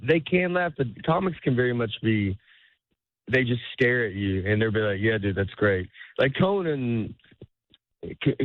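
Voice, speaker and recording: A man's voice: mid-range voice, no room sound. Man on a tinny phone-like line. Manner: rambling, self-interrupting, laughs often. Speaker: comedian guest. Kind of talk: casual interview chat.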